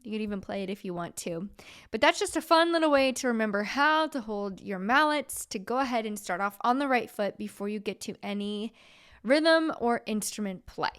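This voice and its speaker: With lively intonation and a slightly high, somewhat bright, smooth voice, a woman speaks at a moderate pace. She hosts a teaching podcast as a music therapist, giving plain step-by-step explanations with a few fillers and singing simple call-and-response examples.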